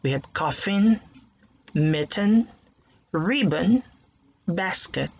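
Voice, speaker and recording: Slow, careful teacher with a gravelly voice. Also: mid-range voice, expressive, a little mellow, lo-fi sound. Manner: slow, careful, sounding out words syllable by syllable. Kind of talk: recorded online lesson for young pupils.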